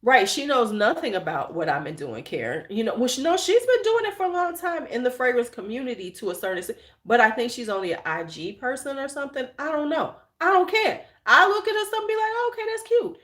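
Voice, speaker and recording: A woman's voice: fairly high pitch, a little fast, few pauses, roomy sound. Blunt, profane woman chatting live. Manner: blunt, profane, animated storyteller; reads and answers viewer chat. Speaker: channel host. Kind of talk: casual livestream chat.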